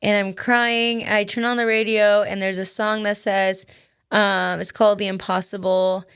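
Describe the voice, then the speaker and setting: A woman's voice: mid-range voice, flat delivery, moderate pace, a bit bright, clear, resonant tone. A woman co-hosting a casual chat, telling an emotional story with many "like"s and restarts. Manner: emotional, filler-heavy with many "like"s. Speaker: podcast co-host.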